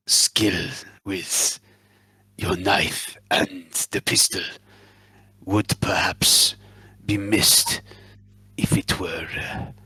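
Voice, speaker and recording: A man voicing a calm, persuasive male warrior in a whispered role-play. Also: low voice, husky, dry recording, voice pushed down, heavily acted.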